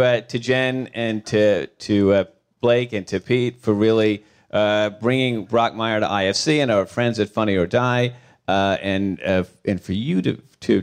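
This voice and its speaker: A man moderating a panel Q&A, thanking the guests with halting, filler-filled words. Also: mid-range voice. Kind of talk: hosting a panel Q&A.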